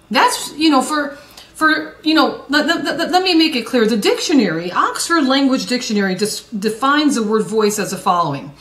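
A woman's voice: a little high, fairly bright tone, distant mic. Emphatic woman evangelist, roomy echo. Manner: emphatic preaching with repeated restarts. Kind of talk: sermon broadcast with scripture reading.

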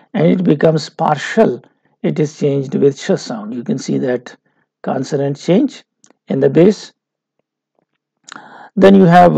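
A male university lecturer with a Pakistani English accent, explaining linguistics slowly with many pauses and fillers. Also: a little high, creaky, mellow, husky, no echo, dull audio. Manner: slow, halting, many fillers.

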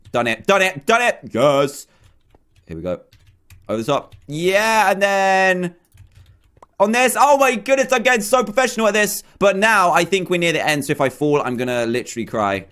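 Excitable man narrating gameplay. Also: a little high. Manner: excitable, chatty, talks to himself. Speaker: gaming channel host. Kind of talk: let's play commentary.

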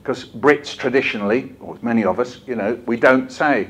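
Older man, storyteller, conference talk, jokey, animated, middle pitch. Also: normal speed, hardly any pauses, breathy edge. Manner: lively, jokey, acts out voices and poems. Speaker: children's author giving a talk. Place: conference hall.

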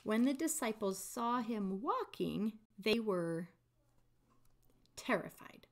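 A woman with a mid-range voice teaches a Bible study in a relaxed, talky way. She reads verses aloud and acts out the quoted lines with enthusiasm. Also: medium pitch, slow pace. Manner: conversational and enthusiastic, acting out quotes. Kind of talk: casual Bible study devotional.

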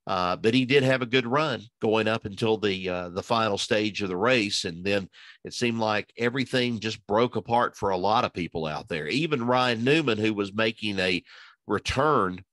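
A man's voice: on the low side, normal speed, fairly bright tone, no room sound. A man giving casual, rambling racing analysis, full of fillers and restarts as he thinks aloud. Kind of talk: casual podcast chat.

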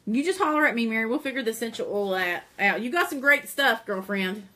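A woman's voice: fairly high pitch, lively intonation, quick pace, bright, forceful tone. A woman with a stuffy nose hosting a casual live-stream sale, chatting to viewers by name while she multitasks.

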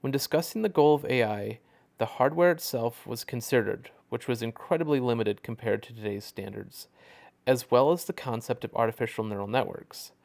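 A man explaining history as an educator in a measured lecture, often restarting and correcting words. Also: medium pitch, vocal fry, a little mellow. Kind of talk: lecture narration.

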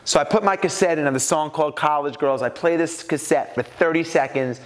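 An animated man from New York delivers a storytelling keynote to a business crowd. His voice sits a little high, and he jumps into the voices of the people in his stories. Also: fairly quick, long reverb tail. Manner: animated, acts out quoted voices. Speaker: speaker at a business mastermind.

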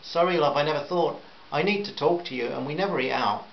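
A man voicing a gentle, earnest husband, in a roomy, slightly dull recording with faint hiss. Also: a little high, fast talker, gravelly, pitched above the performer's own voice.

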